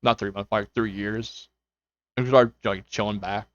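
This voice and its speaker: A man's voice: on the low side, steady tone, normal speed, a bit bright, no echo. A young man streaming from home, rambling casually to his viewers with lots of fillers. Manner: rambling, with many fillers and quoted self-talk. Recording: dull lo-fi mic, faint music.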